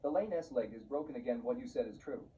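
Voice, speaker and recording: A man reading the lines of a timid father-in-law who gloats in secret, in a flat, even voice. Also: medium pitch, fast talker, lightly acted. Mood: sly. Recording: muffled, distant, faint hiss.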